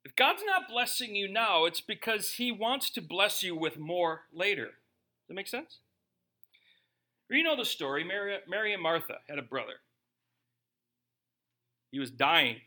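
A man preaching with a high, bright, cutting voice that swoops up and down. He keeps the sermon light and joking, tossing question after question at his listeners. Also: measured pace, pauses often. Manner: humorous, animated preaching with rhetorical questions. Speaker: pastor.

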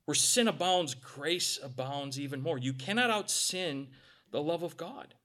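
A middle-aged male pastor preaching a sermon, animated, acting out little voices and swinging from loud to quiet. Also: on the high side, measured pace.

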